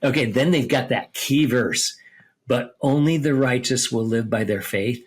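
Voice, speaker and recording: Podcast Bible teacher, male, husky mid-range voice, explains passages step by step and checks in often. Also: medium pitch, measured pace. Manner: explains step by step, reads scripture aloud, checks with "okay?" and "right?".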